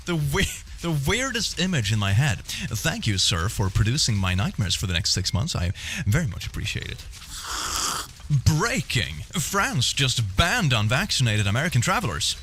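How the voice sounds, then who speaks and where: A man's voice: medium pitch, huge pitch swings, moderate pace, pushed and bright, slight background noise. Playful mocking male streamer. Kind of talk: casual reaction stream, reading posts aloud.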